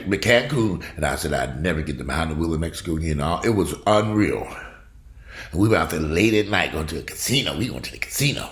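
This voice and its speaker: Gravelly, blunt man ranting to camera. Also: reverberant. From United States. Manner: profane, blunt, swings from loud outbursts to low grumbling. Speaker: vlogger. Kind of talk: casual ranting monologue to camera.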